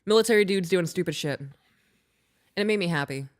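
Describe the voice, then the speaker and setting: A woman's voice: fairly low pitch, fairly quick. A woman co-hosting a podcast in casual chat, talking bluntly with frequent swearing and laughing through her stories. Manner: blunt, profane, laughing while storytelling. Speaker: podcast co-host.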